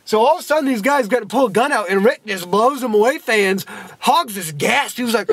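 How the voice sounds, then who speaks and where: A man's voice: sits high, animated, brisk, a bit bright, husky, no room sound. A man casually reviewing a TV episode for his fans. He refers to himself by a nickname in the third person, in a goofy, folksy way.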